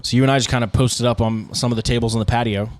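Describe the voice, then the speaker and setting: In fast, rambling storytelling full of fillers, a band guitarist chats casually as a podcast co-host. He speaks at medium pitch with fairly even intonation.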